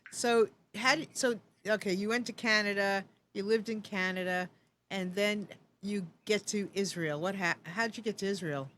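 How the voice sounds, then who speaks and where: A woman hosting an interview, praising her guest and then asking halting, rephrased questions. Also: mid-range voice, fairly bright tone, a little hiss or hum. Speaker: host.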